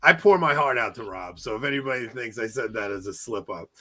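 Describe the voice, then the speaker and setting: A man in his forties co-hosting a podcast, talking loudly and excitably, joking around in casual chat. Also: mid-range voice, fast, crowd noise. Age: 40s. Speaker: podcast co-host.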